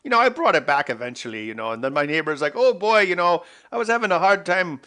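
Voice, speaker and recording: A man's voice: sits high, very animated, fast, bright, forceful tone, voice pushed up, exaggerated voice. A man putting on an exaggerated Canadian accent, playing a chatty folksy everyman who rambles with lots of fillers. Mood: folksy bragging. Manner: rambling, filler-heavy storytelling.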